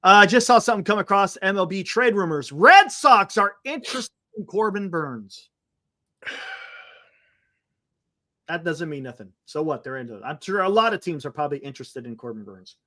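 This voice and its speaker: Male sports-talk co-host with a lively, swinging delivery and a bright tone; animated and exclamatory. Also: sits high, normal speed, no room sound, studio quality. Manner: animated, exclamatory, calming others down. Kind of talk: casual sports chat.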